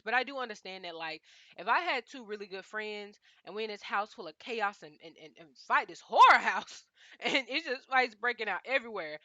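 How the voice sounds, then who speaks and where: A young woman casually recapping a reality show, chatty and animated, full of slang, often talking straight to the cast members. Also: medium pitch, no echo, muffled recording.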